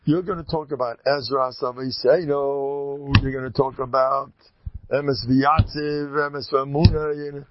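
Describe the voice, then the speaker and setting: An older man, a rabbi, giving a Torah lecture full of stories, acting out the people he quotes with sudden high, loud bursts. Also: measured pace. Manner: animated storyteller, jumps high when acting out quoted voices. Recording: dull lo-fi recording.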